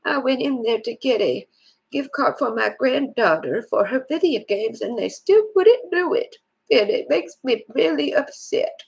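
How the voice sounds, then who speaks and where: A woman doing a creaky rambling grandma. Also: a little high, animated, moderate pace, full character voice, poor audio. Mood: upset. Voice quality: creaky, husky old-lady voice. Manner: rambling, stammering, fond of detail. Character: rambling lonely grandmother, old and soft-hearted. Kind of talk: scam-baiting phone prank.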